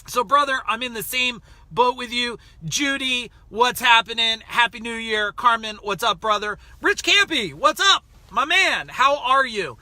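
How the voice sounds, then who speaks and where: A man coaches viewers on a casual live stream, calling out names as he goes. His voice sits high and sounds very bright and forceful. The recording is dry and close, made on a phone. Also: animated, unhurried, few pauses, dry recording. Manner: greets viewers by name, chatty and emphatic. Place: outside a grocery store waiting in a car.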